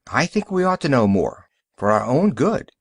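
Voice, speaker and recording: A man reading an audiobook, voicing a sharp-faced, suspicious older woman who pries and whispers about a stranger. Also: medium pitch, very animated, moderate pace, gravelly, dry recording, studio quality. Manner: nosy, whispering, prying.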